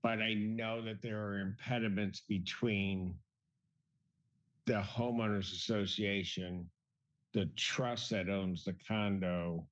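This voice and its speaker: A man serving as judge, explaining his ruling in a measured way during a courtroom hearing. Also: fairly low pitch, fairly even intonation. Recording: dull lo-fi courtroom audio.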